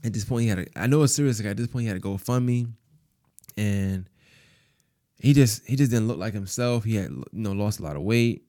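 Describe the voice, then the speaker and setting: A man's voice: on the low side, a little fast, mellow, no echo, studio quality. A man hosting a podcast, telling a personal story in a casual, rambling way, full of fillers and repeated phrases. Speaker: podcast host.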